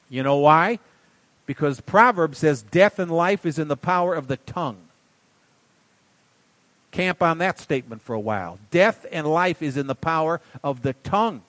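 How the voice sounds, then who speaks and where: A man preaching a sermon in a folksy way, swinging from quiet asides to loud emphatic bursts. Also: fairly high pitch, no echo. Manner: folksy, calls listeners buddy and darling. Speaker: pastor.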